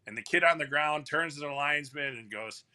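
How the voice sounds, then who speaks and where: A man's voice: a little high, a little fast, bright, forceful tone, clean tone. A man who works as a hockey referee, telling a story in casual chat with lots of fillers and restarts. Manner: rambling, full of "you know" fillers and restarts. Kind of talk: casual storytelling on a live talk show.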